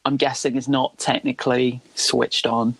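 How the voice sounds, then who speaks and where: A man's voice: mid-range voice, flat delivery, moderate pace, vocal fry, fairly bright tone, a little hiss or hum. A man co-hosting a comedic podcast, sarcastic and ranting, swearing freely. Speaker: podcast co-host. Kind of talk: casual comedic chat.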